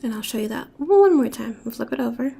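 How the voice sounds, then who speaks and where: A woman walks through a beadwork stitch step by step, speaking softly and slipping into near-whispers as she works. Her voice sits a little high but sounds mellow and dark, with a gravelly fry. Faint room noise hums underneath. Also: lively intonation, fast talker. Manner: soft-spoken, often drops to a whisper while working. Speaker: beading tutorial instructor. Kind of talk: step-by-step craft tutorial.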